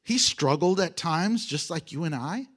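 A middle-aged man preaching a sermon as pastor, animated, acting out quotes and laughing between points. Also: fairly high pitch, unhurried.

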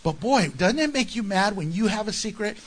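High, lively-voiced preacher man. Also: brisk. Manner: animated, conversational preaching with jokes and asides. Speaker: pastor. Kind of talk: sermon.

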